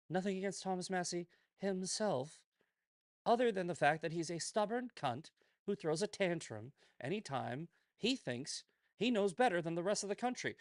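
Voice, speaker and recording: Male commentary host, foul-mouthed and combative, voice sits a bit high, dry close sound. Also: a bit bright, no echo. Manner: profane, heated, combative; repeats "right?" and "okay?" often. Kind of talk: ranting solo commentary.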